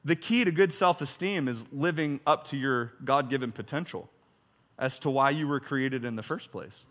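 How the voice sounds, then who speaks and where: A man's voice: mid-range voice, moderate pace, fairly bright tone, in a large hall. A man preaching a sermon, reading scripture aloud and breaking into jokes and chuckles. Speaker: pastor.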